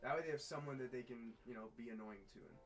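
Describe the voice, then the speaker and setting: A young man hosting a casual chat, telling stories in an animated way and laughing often. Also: mid-range voice, fast talker, soft background music, low-quality recording. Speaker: host.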